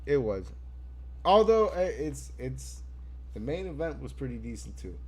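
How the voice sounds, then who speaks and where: A man on a casual wrestling podcast, excitable and profane, laughing often. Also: medium pitch, measured pace, crowd noise. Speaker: podcast co-host.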